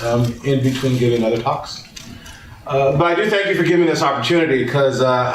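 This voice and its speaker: A man gives a lecture with a wry and emphatic delivery. His voice sits at an ordinary middle pitch. It comes from far off the mic in a very echoey hall with faint noise behind. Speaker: guest lecturer. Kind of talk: academic lecture.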